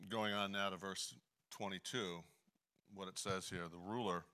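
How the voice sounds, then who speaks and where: A middle-aged man preaching a conversational sermon, full of "you know" fillers and frequent throat clearing. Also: sits low, fairly even intonation, unhurried, sharp tone. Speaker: Bible teacher. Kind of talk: conversational sermon with a personal story.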